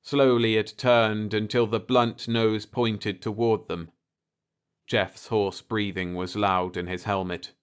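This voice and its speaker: A man narrating a bedtime story in a calm, unhurried way. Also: on the low side, clear, resonant tone.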